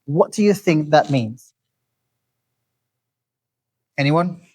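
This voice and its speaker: A man giving an interactive lecture, asking the audience questions and repeating key phrases slowly. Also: a little high, animated, a little mellow, husky, poor audio.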